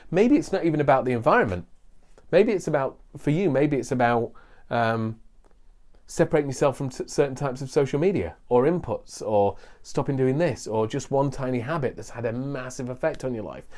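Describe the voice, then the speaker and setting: Man, casual coaching vlogger, self-deprecating humour, average pitch. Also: expressive, a little fast, a little mellow. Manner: chatty, self-deprecating, jokey asides. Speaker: content marketing coach. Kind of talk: casual talking-to-camera vlog. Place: small outbuilding away from the house.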